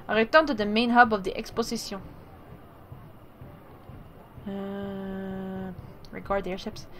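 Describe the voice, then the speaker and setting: A woman's voice: mid-range voice, fairly bright tone, slight background noise, low-quality recording. A woman reading a text game aloud with casual, self-deprecating asides.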